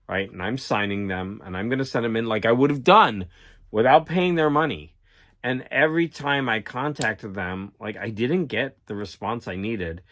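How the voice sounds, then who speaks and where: A man's voice: fairly low pitch, fairly bright tone. A man hosting his own channel, telling a long exasperated story in a casual, rambling rant with many restarts. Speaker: channel host. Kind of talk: casual ranting vlog.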